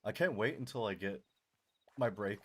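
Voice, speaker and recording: A man live-streaming, chatting casually and answering his chat, animated and quick to laugh, his voice strained and tiring. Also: on the low side, breathy edge.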